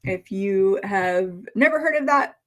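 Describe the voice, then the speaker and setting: Woman hosting a live stream, slow and dreamy, little lisp from her fangs, keeps trailing off. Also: mid-range voice, lively intonation. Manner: slight lisp from costume fangs; slow, musing, trailing off and restarting. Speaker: livestream host. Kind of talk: casual live-stream talk.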